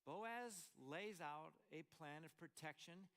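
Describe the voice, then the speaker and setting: A man's voice: fairly high pitch, takes it slowly, a bit bright. An older man from Montana preaching a sermon, explaining scripture in a conversational, storytelling way with asides. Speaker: pastor.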